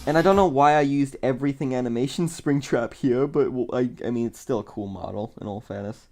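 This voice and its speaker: A man's voice: mid-range voice, a little fast, a little mellow, faint music behind. Rambling, self-mocking male streamer. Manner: rambling, self-mocking, laughs often and swears. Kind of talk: casual live-stream commentary.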